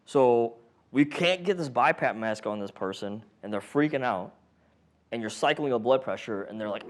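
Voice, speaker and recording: His voice sits on the high side and moves at a moderate pace as he leads a casual paramedic class. Lively and joking, he quizzes students and imitates patients and monitor sounds.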